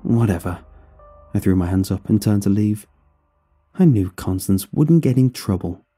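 Dark, husky male horror storyteller. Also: lowish voice, moderate pace, soft background music. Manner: expressive first-person storytelling. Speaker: narrator. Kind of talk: scripted horror story narration.

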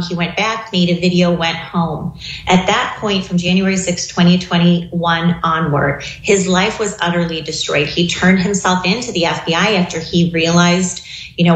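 A woman commentator recounting a case in a measured, factual way. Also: lowish voice, reverberant, poor audio. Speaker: guest commentator.

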